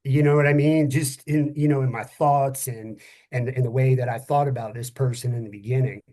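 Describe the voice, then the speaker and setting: A middle-aged man, a former police officer, talking frankly and a little tiredly, often pausing to find his words and swearing casually. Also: medium pitch, steady tone, mellow. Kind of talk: candid conversational podcast talk.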